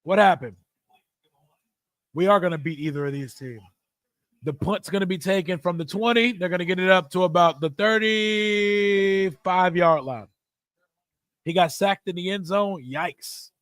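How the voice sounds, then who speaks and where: Young male streamer, high voice, dry close mic, hyped live game reactions with loud outbursts and mumbled asides. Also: measured pace, pauses often, dry recording. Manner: hyped, talkative, loud swings between shouting and mumbling. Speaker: streamer hosting a live watch party. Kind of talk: live sports reaction stream, reading chat.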